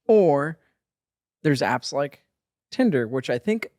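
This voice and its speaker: A man in his forties co-hosting a podcast, in casual chat, halting and repeating words, often laughing. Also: a little high, sing-song, darkish tone, no echo, clean studio sound. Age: 40s. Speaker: podcast co-host.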